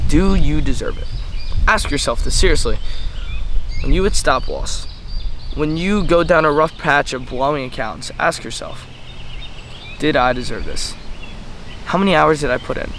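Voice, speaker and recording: A teenage boy with a fairly high voice, lecturing hard and swearing freely as he walks outside. The phone recording picks up a faint hum of outdoor ambience behind him. He talks straight at the listener, pushing and challenging. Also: a bit bright, low-quality recording. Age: teens. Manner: blunt, profane, fired-up, lectures the viewer directly. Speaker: trading mentor vlogger. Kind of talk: intense motivational rant. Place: outdoors at a playground.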